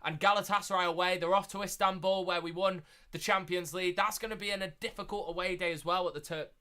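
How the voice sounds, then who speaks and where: A young man hosting a live watchalong stream, chatting casually and repeating himself, getting loud and excited at big moments. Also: high-pitched, quick pace, clean tone. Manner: excitable, repeats phrases, shouts when thrilled.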